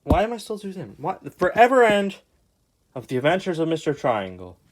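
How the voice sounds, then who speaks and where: A young man casually commenting as he reads his old comics aloud, sarcastic and exasperated, with quick asides. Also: a little high, wildly swooping pitch. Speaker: YouTube artist.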